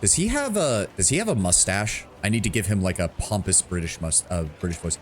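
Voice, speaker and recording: Guy streaming a game, chill and joking, lowish voice, music playing behind. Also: very animated, fairly quick. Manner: casual, playful asides. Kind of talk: gaming commentary.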